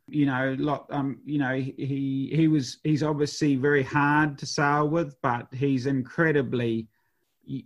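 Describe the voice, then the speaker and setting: A man in his fifties, a race skipper, telling stories in a rambling way with lots of fillers and restarts. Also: medium pitch. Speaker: professional sailor, race skipper. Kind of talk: conversational storytelling.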